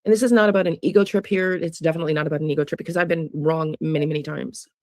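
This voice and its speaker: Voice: mid-range voice, fairly even intonation, very fast, no room sound, studio quality. An American true crime psychic host talking casually to viewers in a rambling monologue full of restarts and trailing asides.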